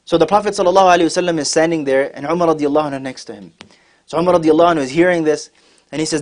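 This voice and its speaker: A man giving a sermon at a workshop, retelling a story with lively acted dialogue and Arabic quotations. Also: fairly high pitch, very fast. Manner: acts out characters' lines, mixing in Arabic quotes. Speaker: scholar giving a talk.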